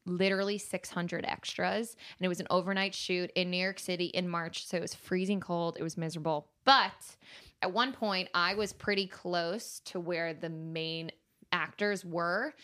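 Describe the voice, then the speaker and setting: A young woman guesting on a podcast, telling a story in casual chat and acting out the voices of the people in it. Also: fairly low pitch. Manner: animated, acts out quoted voices.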